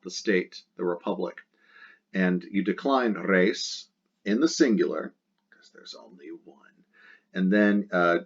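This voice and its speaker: A man's voice: low-pitched, breathy edge. A man teaching Latin, working methodically through exercise sentences step by step, with frequent fillers. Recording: dull lo-fi recording.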